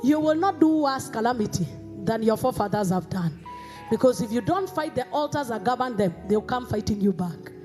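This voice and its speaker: A Kenyan woman pastor delivering an emphatic sermon in a church, rising to shouts. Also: on the high side, lively intonation, brisk, over music.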